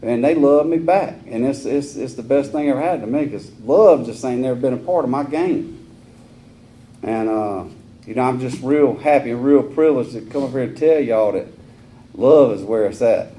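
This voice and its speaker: A man in his forties with a Southern US accent, speaking at a recovery meeting in a folksy, rambling way with rough humor. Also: medium pitch, moderate pace, mellow, a little hiss or hum. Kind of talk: personal recovery talk.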